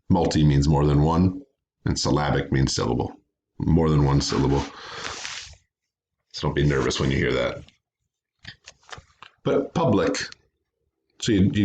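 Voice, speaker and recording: A man's voice: rumbling low, a little mellow, slight background noise. A man teaching a recorded phonics lesson to children, patiently sounding out words syllable by syllable.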